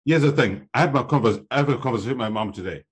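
A man's voice: mid-range voice, racing, husky. A man co-hosting a podcast in casual conversation, emphatic and prone to restarting his sentences while making a point. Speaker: podcast co-host.

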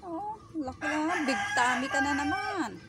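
A woman vlogger chatting casually in her backyard, cooing and fussing at her animals with sudden high squeals. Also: expressive, moderate pace. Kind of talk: casual chat to her pets. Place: outdoor backyard with chickens. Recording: loud backyard noise with crowing roosters.

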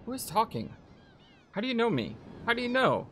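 A man's voice: extremely high pitch, wildly swooping pitch, a little fast, a bit bright, a little hiss or hum, voice pushed up, exaggerated voice. A man voicing a bewildered teenage boy, startled and questioning. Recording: music playing behind voice.

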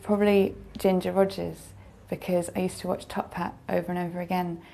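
A young actress giving casual, chatty interview answers. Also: female voice, fairly low pitch, flat delivery, a little fast, vocal fry, dark tone, a little hiss or hum.

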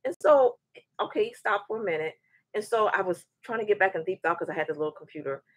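Husky-voiced woman hosting a chatty show. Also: mid-range voice, quick pace, no room sound. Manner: animated, repeats words as she restarts, acts out quoted voices. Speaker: show host. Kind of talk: casual livestream chat and storytelling.

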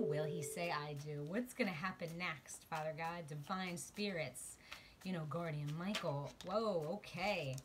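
A woman's voice: low-pitched, measured pace, noisy background. Emotional woman giving a tarot reading. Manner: emotional, swings from murmured to excited exclamations. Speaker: tarot card reader. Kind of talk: spiritual tarot reading to viewers. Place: outdoors.

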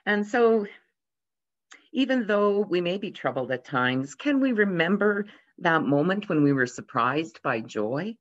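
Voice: medium pitch, a little slow. A pastor preaching a sermon, telling light humorous anecdotes and briefly raising the voice for the quoted characters. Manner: gently storytelling, lively voices for quoted characters. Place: church. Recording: dull lo-fi sound.

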